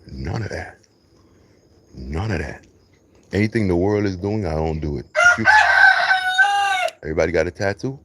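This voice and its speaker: A man with a very low, deep voice talks on a casual livestream from an outdoor yard while tending chickens. He riffs in an animated, preachy way and drops street slang. Faint roosters and insects sit behind him. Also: moderate pace, long pauses, background noise. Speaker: livestream host on a farm.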